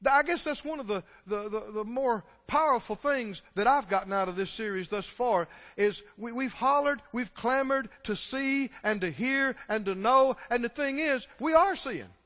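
High-voiced preacher in an echoing hall. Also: male voice, normal speed, few pauses. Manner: emphatic, calls out to the congregation, swings from hushed to shouting. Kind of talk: sermon. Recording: long hall reverb.

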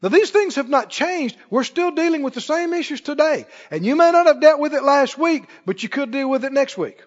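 High-pitched male preacher, emphatic call-and-response sermon; muffled audio in a reverberant sanctuary. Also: animated, brisk. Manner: emphatic, rising to shouts, teasing the congregation. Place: church sanctuary. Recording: dull lo-fi recording in echoey hall.

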